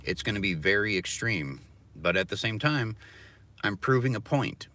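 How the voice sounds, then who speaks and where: A man's voice: fairly low pitch, lively intonation, moderate pace, bright, forceful tone. A man ranting profanely and philosophizing from his car during a casual livestream. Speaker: livestreaming delivery driver.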